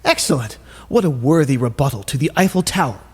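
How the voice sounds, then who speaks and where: A man's voice: medium pitch, animated, a little fast, darkish tone, slightly rough, big-room sound. A man playing a curt, scolding chief architect. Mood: stern. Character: stern, exasperated male chief architect.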